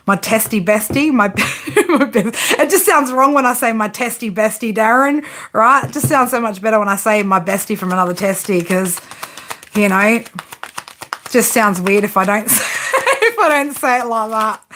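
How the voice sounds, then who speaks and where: A woman's voice: mid-range voice, bright, forceful tone, a little hiss or hum. A woman giving a casual live tarot reading, chatting and joking with viewers and swearing freely. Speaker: tarot reader.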